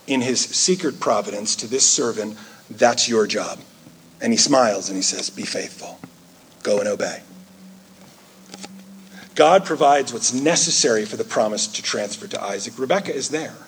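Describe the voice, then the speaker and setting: A man preaching a sermon in an earnest way, rising into animated quoted asides. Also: mid-range voice, normal speed, long pauses, slight background noise. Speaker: pastor.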